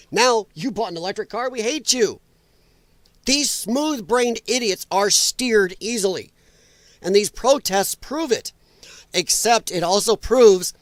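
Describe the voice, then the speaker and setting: A man's voice: high-pitched, no room sound. A man from Illinois hosting a political commentary livestream, ranting and sarcastic with crude language. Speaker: host.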